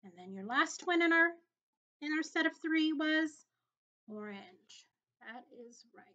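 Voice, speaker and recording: A woman teacher giving a slow, encouraging video lesson to young children, in a singsong way. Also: sits high, animated, bright, forceful tone, muffled recording.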